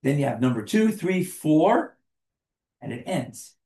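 A man with a fairly high voice leads a class, asking the group questions and joking with them as he explains. The sound comes from an echoey room. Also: very animated, unhurried, warm tone. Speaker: teacher leading a class. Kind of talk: interactive class talk.

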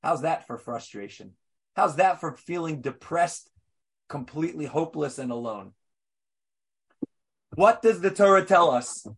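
High-voiced man preaching with animated storytelling. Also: unhurried, pauses often, slightly rough. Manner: animated storytelling with rhetorical questions; swings between loud and hushed. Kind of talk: sermon.

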